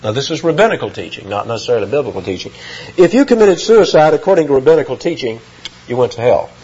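A man preaching an expository sermon, emphatic and lively, reading scripture aloud and explaining the words. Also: medium pitch, quick pace, breathy edge, muffled recording.

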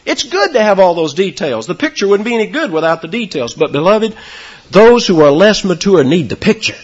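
A man preaching a sermon, with sudden high, loud emphasis on key words and a husky voice. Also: big pitch swings, a little fast, highs cut off. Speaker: pastor.

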